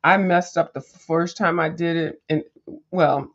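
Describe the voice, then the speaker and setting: A woman's voice: lowish voice, steady tone, measured pace. A woman chats casually as she pages through a coloring book, rambling from thought to thought with plenty of ums and restarts. She talks straight to her viewers, calling them "girl" and tossing in sassy little "mm-mm"s. The recording sounds a bit dull and lo-fi. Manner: rambling and chatty, with many fillers and restarts. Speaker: coloring channel host.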